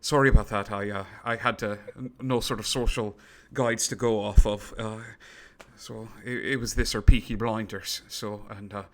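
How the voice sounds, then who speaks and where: A man's voice: fairly low pitch, fairly even intonation, moderate pace, a bit bright. A man voicing a flustered inventor who fakes a stage Irish accent through a voice gadget, stumbling over his words. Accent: put-on stage Irish.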